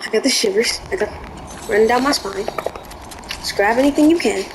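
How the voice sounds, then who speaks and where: A woman's voice: fairly high pitch, moderate pace, background noise. A woman giving live gameplay commentary, jumpy and easily spooked, yelping in panic. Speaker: gaming video creator.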